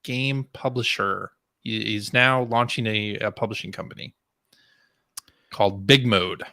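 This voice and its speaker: Bright upbeat guy hosting a game podcast, dry close mic. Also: lowish voice, steady tone, a little slow, gravelly, dry recording. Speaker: podcast host. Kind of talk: casual chat.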